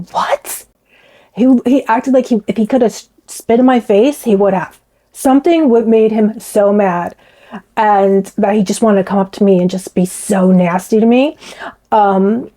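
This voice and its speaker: A woman's voice: on the high side, mellow, poor audio. A woman chatting to her viewers in a gossipy, talkative way. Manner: chatty, gossipy, addresses viewers as you guys. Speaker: commentary vlogger. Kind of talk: casual chat to viewers.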